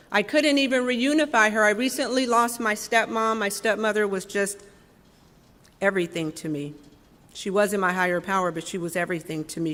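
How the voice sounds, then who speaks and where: A woman in her thirties from Los Angeles, sharing her recovery story with wry candor, swelling loud and dropping soft. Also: a little high. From Los Angeles, California. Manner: candid, wry, raw, with emphatic swells and soft drops. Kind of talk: personal recovery talk. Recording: long reverb from a hall.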